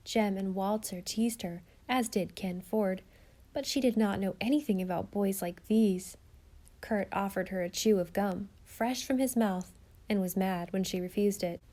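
Warm-voiced woman reading a story. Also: mid-range voice, measured pace. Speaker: audiobook narrator. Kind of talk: storybook narration.

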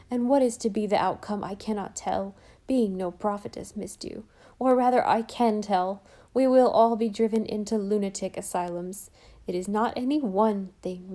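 A woman's voice: medium pitch, dark tone, natural voice. A woman voicing an earnest, fretful housekeeper in an audiobook, talking in a solemn, imploring, dramatic way. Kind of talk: audiobook character voice.

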